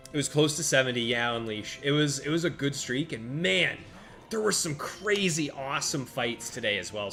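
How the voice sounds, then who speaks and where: A man giving casual live-stream commentary while playing a monster-battle game, chatting with viewers by name and reacting out loud to each turn. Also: mid-range voice. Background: faint game music.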